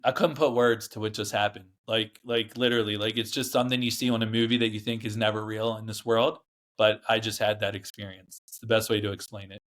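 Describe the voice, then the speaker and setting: A man's voice: fairly low pitch, flat delivery, fairly quick, fairly bright tone. Earnest man telling a long story. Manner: rambling, earnest, many fillers and restarts. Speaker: podcast guest. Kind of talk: casual storytelling interview.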